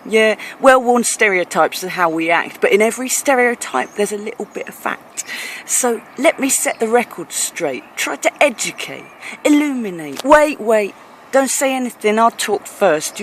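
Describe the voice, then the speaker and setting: A woman's voice: mid-range voice, animated, moderate pace, slight background noise. A woman with a London accent performing a rhymed spoken-word rap in a playful, rhythmic delivery. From England. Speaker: performance poet.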